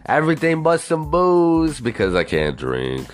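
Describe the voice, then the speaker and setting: A young man hosts a solo podcast, ranting casually in an unhurried voice on the high side, with faint music in the background. His delivery is animated, full of swearing and rambling asides.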